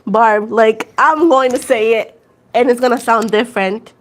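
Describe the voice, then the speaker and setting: Unhurried and higher-voiced, this Puerto Rican woman in her twenties runs a tarot livestream full of casual chat. Laughter comes often, and she mixes English with Spanish.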